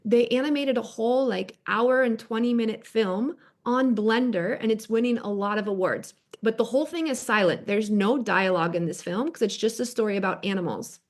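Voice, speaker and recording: A woman co-hosting a podcast, telling a story in casual chat, animated and quick to laugh. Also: on the high side. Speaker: podcast host.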